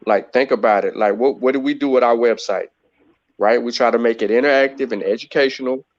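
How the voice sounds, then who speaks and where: A man speaks at a middle pitch as he hosts a loose livestream chat. He circles his points with restarts and filler phrases. The sound is muffled and lo-fi. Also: a little fast. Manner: rambling, many restarts and "you know what I mean". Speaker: host. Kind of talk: casual livestream discussion.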